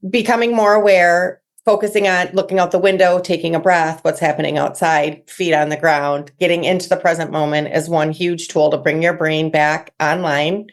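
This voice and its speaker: A woman hosting an interview podcast, casual and quick to laugh, summing up her guest's points. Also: low voice, fairly even intonation. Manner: warm-hearted, laughs easily, sums up the guest's points. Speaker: podcast host.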